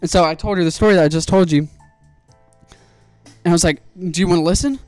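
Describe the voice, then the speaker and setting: A young man streaming while he builds a PC, telling an animated story with plenty of swearing. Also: sits high, fast, no room sound, faint music behind.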